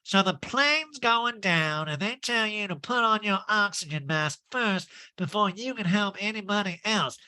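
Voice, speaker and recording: A man's voice: sits high, expressive, a little slow, few pauses, pushed and bright, clean tone, pitched above the performer's own voice, exaggerated voice, rough recording. A man doing a mocking impression of a cold, self-serving woman, with a stuffed-up nasal voice. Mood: haughty.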